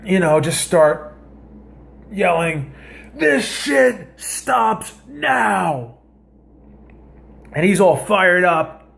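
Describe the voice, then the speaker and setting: A man with a fairly high voice hosts a comedy vlog from his home kitchen. He tells a story in a loose, rambling way, stops to correct himself, and stresses the juicy parts. The tone is casual and chatty. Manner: rambling, animated, self-interrupting.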